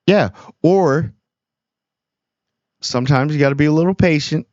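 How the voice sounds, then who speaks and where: A man's voice: fairly high pitch, moderate pace, long pauses, a little mellow, no room sound. A man talking earnestly in a casual monologue about kindness, rambling and restarting his sentences often. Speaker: small YouTube channel host. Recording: dull, dry lo-fi recording.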